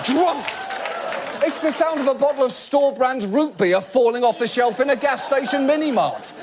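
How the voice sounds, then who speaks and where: A man delivering a satirical late-night monologue, animated and mock-outraged, breaking into shouts. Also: very high voice, a little fast, a crowd in the background. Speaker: host. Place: TV studio stage with audience. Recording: live studio audience laughing, some noise.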